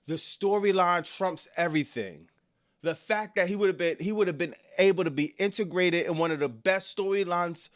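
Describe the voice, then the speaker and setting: A man hosting a live wrestling reaction stream and reading chat aloud. He swings between loud excited outbursts and low, frustrated mutters, and talks in casual slang. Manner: casual slang, often ending lines with "dog" or "bro".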